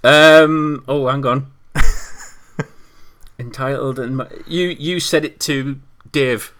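A man's voice: mid-range voice, steady tone, slow pace, crowd noise. A man with a Geordie accent co-hosting a podcast, chatting casually and joking at his own expense. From northern England. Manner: jokey, self-deprecating. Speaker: podcast co-host. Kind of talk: casual chat.

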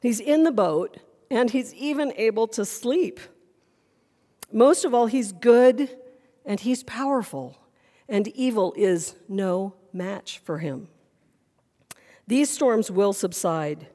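A woman's voice: fairly high pitch, lively intonation, takes it slowly, mellow, long reverb tail. A woman pastor preaching a sermon in a church sanctuary, earnest and full of questions.

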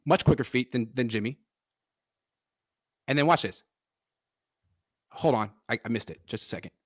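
A man's voice: medium pitch, moderate pace. A man hosting a casual sports podcast, animatedly breaking down football film and chatting with his father. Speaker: podcast host.

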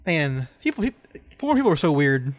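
A man with a high voice co-hosts a podcast in loose, casual chat. He jokes, swears freely and rambles from one tangent to the next. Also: very animated, a little fast. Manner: joking, profane, rambling. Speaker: podcast co-host.

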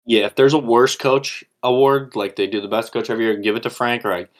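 Brisk and steady in tone, this mid-range male voice belongs to a podcast co-host weighing in on sports bets. The talk is casual, but he's forceful and opinionated, driving every point home.

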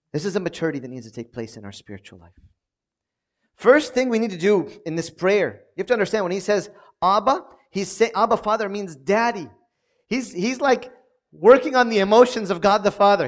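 A priest preaching a sermon, telling stories and acting out pleading prayers with lively emphasis. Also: male voice, normal speed. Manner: animated storytelling, acts out prayers with rising pitch.

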